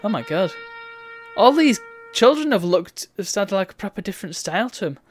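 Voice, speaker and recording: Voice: medium pitch, big pitch swings, moderate pace, soft background music. A game streamer giving chatty, wry let's-play commentary and reading on-screen text aloud.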